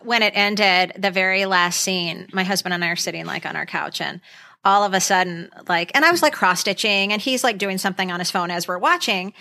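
Bright, effusive woman in her 50s. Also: mid-range voice, fairly quick, vocal fry. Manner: effusive, gushing storyteller. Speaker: podcast co-host. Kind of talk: casual chat.

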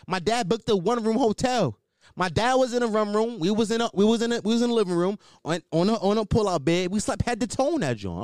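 A young man hosts a podcast and tells a story in a heated, swearing rush, doubling back on his words for emphasis. His voice sits high for a man and swings widely in pitch, and it sounds dry and close on the mic. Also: no echo. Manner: animated, heated, swearing, repeats himself for emphasis. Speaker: podcast host. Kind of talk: casual storytelling.

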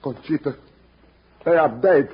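Breathy, worried old father. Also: a little high, measured pace. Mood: fearful. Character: worried elderly male hacienda owner, a father. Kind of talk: 1950s radio drama. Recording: dull lo-fi old radio recording.

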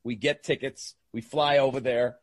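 Husky man telling animated stories. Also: mid-range voice, normal speed, dry recording, clean studio sound. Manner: animated storyteller who acts out quoted voices. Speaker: guest. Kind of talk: storytelling in an interview.

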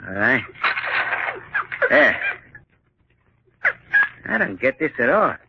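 An actor playing a rough male henchman in a 1940s radio drama, with coarse ungrammatical speech. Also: medium pitch, big pitch swings, slow pace. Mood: gruff. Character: rough male henchman and animal trainer, crude. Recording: dull old radio broadcast with hiss.

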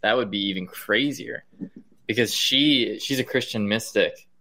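A man's voice: on the low side, unhurried, sharp tone. A man, a guest on a casual podcast, telling stories with many "like" and "um" fillers. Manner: fills with "like" and "um". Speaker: guest professor. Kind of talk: casual chat, storytelling.

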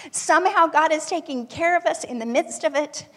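A woman telling a personal story to an audience in a lively, animated way. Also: high-pitched, measured pace, big-room sound.

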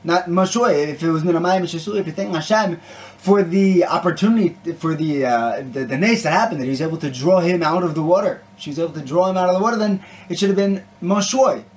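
A Torah teacher gives a short talk with a story over guitar music, speaking earnestly and conversationally while often restarting his sentences. His voice is high and fairly quick.

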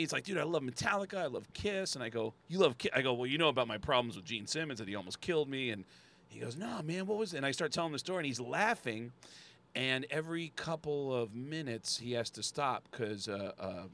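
A man telling a long story in casual podcast chat, acting out quoted people and breaking into loud shouts. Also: mid-range voice, brisk. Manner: animated, acts out quotes with loud shouting bursts.

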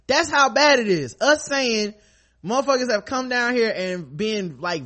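A man's voice: sits high, a bit bright. A male podcast host in casual comedic chat, acting out quoted voices and reading news aloud.

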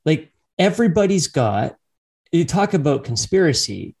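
A man's voice: a little high, sing-song, moderate pace, gravelly, a little mellow. A man hosting a casual interview podcast, musing reflectively with frequent listening murmurs. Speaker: podcast host.

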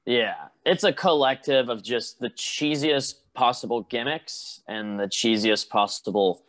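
A man's voice: medium pitch, a little slow, a bit bright. A man co-hosting a podcast, chatting casually in a laid-back way, trailing off and agreeing often. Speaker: podcast co-host. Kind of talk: casual chat.

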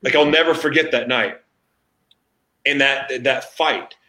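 A man hosting a casual chat, telling candid stories in an animated way. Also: medium pitch, unhurried, echoey room.

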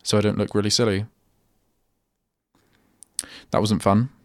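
Unhurried and level in tone, a young man with a voice on the low side hosts a solo radio show, chatting casually and rambling. He often stops himself mid-sentence. The radio-studio sound is clean with no echo.

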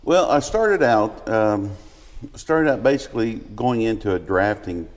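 A low-pitched man speaking as a podcast guest, with a dry, understated manner. He pauses and restarts as he searches for the right words. His voice rings with a long reverb from the room. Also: expressive. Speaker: guest engineer. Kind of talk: casual chat.

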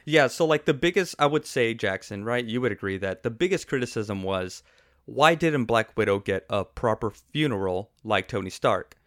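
A podcast host gives an opinionated, sarcastic movie review in casual chat, laughing often. His medium-pitched voice is fairly bright, with lively intonation at a moderate pace. The recording is dry and studio quality.

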